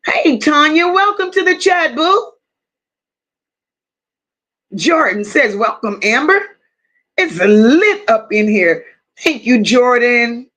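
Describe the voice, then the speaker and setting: Woman w/ high voice doing livestream shoutouts, aave, calls everyone baby n boo, swears casually. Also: sing-song, takes it slowly, pauses often. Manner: warm, affectionate, calls viewers baby and boo; casual, swears freely, reads chat aloud. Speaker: livestream host. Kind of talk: live chat greetings.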